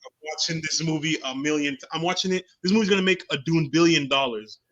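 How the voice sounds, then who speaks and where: Man, podcast co-host, hyped, boastful, excitable, bright forceful voice. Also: a little high, fast talker, lo-fi sound. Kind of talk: casual chat.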